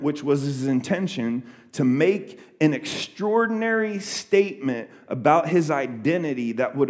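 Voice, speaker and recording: A man's voice: fairly high pitch, darkish tone. A young adult man preaching a sermon, retelling a scripture story in a loose conversational way with many fillers and restarts. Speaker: pastor.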